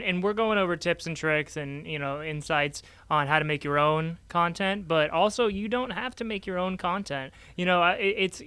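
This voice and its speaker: Bright-voiced upbeat man co-host. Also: smooth, dry recording. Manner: upbeat, conversational, pitches services. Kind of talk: casual podcast chat.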